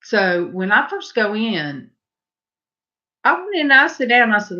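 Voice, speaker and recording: An older woman with a Southern US drawl chats with her livestream viewers, wandering off on tangents and answering comments as they come. She talks slowly and comfortably. The audio is dull and lo-fi, like a basic stream. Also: on the high side, big pitch swings, pushed and bright. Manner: rambling, folksy, breaks off to answer chat. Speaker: host of a painting livestream. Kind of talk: casual chat with live viewers.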